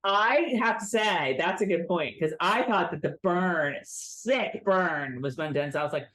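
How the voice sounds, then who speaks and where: A woman's voice: lowish voice, unhurried, fairly bright tone. A woman co-hosting a casual recap chat, talking animatedly and mimicking characters in mocking voices. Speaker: podcast co-host.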